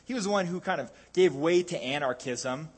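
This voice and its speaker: A man's voice: on the high side, lively intonation, fairly quick, breathy edge. A man preaching a sermon in a conversational way, with jokey asides and frequent restarts.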